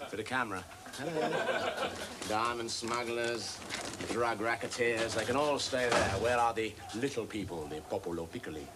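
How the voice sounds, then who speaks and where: A man's voice: medium pitch, moderate pace, lightly acted. An actor playing a manic, mischievous male impostor on stage, clowning and mocking as he talks to the audience, in a noisy 1980s TV recording. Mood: teasing. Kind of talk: comic stage acting with audience asides.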